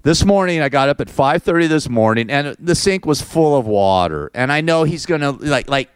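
A middle-aged man hosts his own show in a loose, rambling monologue. His voice is smooth and resonant, and the recording is dry and close with no room sound. He tells his stories with crude humor and plenty of swearing. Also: fairly high pitch, normal speed, dry recording. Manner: crude, swearing, animated storytelling. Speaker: show host.

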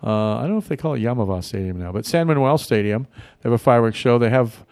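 A man's voice: medium pitch, lively intonation, quick pace, darkish tone, clear, resonant tone, no echo, clean studio sound. A man hosting a casual local radio talk show, rambling and friendly with many fillers and restarts. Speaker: radio host. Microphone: studio mic.

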